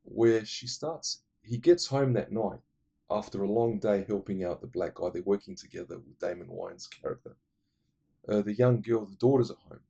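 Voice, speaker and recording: Brief: a low, husky-voiced man chatting casually about his favourite films. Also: moderate pace, dark tone, muffled recording. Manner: rambling, enthusiastic, many fillers. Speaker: movie reviewer. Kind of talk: casual movie recommendations.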